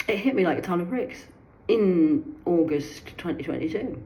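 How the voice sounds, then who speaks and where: An older woman delivering a rambling personal monologue in her garden, agitated, swearing and swinging between low muttering and sharp outbursts. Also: expressive, normal speed, poor audio. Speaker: vlogger. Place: sitting in her garden outdoors.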